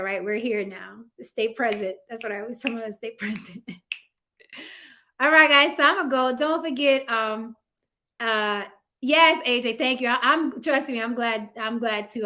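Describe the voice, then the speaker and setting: A young woman signs off her livestream, talking straight to her viewers in a loose, slangy way and laughing as she reads their comments. Her voice sits a little high and rings bright and forward. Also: normal speed. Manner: slangy, teasing the audience. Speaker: livestream host. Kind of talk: casual livestream sign-off, talking to chat.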